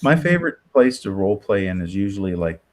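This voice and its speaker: A man with a low, deep voice chats casually as a guest on a livestream. He describes things in an unhurried, dreamy way, leaning on "like" between his thoughts. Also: big pitch swings. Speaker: guest in the chat. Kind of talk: casual group chat.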